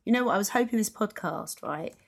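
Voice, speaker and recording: A woman co-hosting a relaxed podcast, jumping in with quick reactions and asides. Her voice sits at an everyday middle pitch for a woman. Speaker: podcast co-host. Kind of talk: casual chat.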